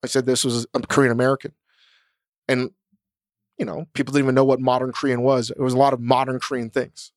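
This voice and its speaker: A man's voice: mid-range voice, little pitch movement, quick pace, no echo, clean studio sound. A man co-hosting a podcast in casual chat, blunt and profane, a chef talking about his restaurants.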